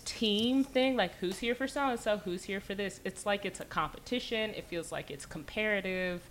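A woman's voice: medium pitch, normal speed, a little hiss or hum. A woman co-hosting a podcast over a video call, talking through her thoughts with fillers and self-corrections. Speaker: podcast co-host. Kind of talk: casual chat.

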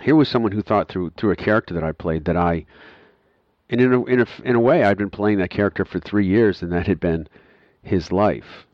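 A man's voice: fairly low pitch, brisk, dry recording, dull audio. A man hosting an interview, telling rambling anecdotes and laughing often. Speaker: podcast host. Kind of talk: conversational interview.

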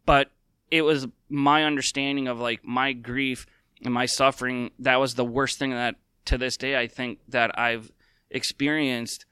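A man talks candidly and from the heart, filling his pauses with ums and restarts. His voice is bright and very clear. The sound is dry and close, with no room behind it. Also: medium pitch, flat delivery, no room sound. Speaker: podcast host. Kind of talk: casual personal talk.

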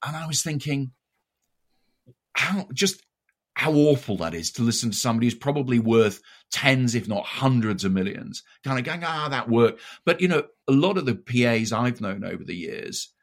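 A man's voice: medium pitch, lively intonation, normal speed. A man with an English RP accent in a conversational discussion, thoughtful and often searching for words.

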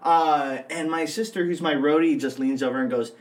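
A man's voice: fairly high pitch, fairly quick. A young man on a podcast, telling a story in a loose, casual way and acting out the people in it. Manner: animated, acts out voices in his stories. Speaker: podcast co-host and wedding MC.

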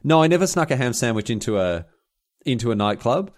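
An Australian man co-hosting a podcast in casual chat, animated and quick to exclaim. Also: medium pitch. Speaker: podcast co-host.

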